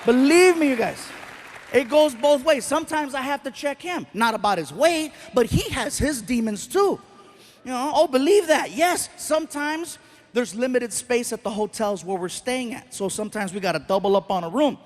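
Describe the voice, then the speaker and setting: High-voiced man doing animated stand-up. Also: normal speed, a faint crowd. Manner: animated storytelling, acting out other people's voices. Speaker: stand-up comedian. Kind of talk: stand-up comedy set. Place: live comedy stage before an audience.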